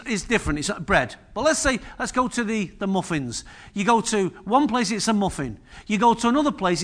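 A man's voice: sits high, a bit bright. A man preaching a sermon in a humorous, chatty way, often asking the congregation questions.

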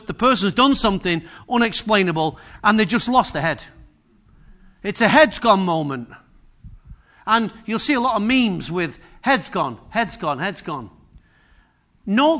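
A man's voice: sits high, bright, forceful tone. A man preaching a sermon in a humorous, chatty way, often asking the congregation questions.

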